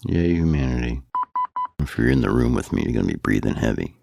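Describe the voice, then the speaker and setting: Male podcast co-host, very low and gravelly, dry deadpan humor. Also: brisk, music in the background. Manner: deadpan joking. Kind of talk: casual chat.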